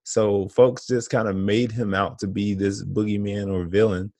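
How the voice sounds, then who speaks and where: A man's voice: on the low side, little pitch movement, normal speed, dark tone, no room sound. A man co-hosting a podcast, talking in a laid-back, slangy way and laughing often. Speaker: podcast co-host. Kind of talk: casual chat.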